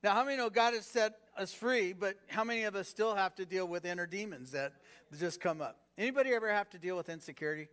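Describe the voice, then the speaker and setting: A man's voice: high voice, quick pace, fairly bright tone, clean tone. A man preaching a sermon in a conversational way, firing rhetorical questions at the congregation and filling gaps with "you know". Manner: peppered with "you know" fillers. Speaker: pastor.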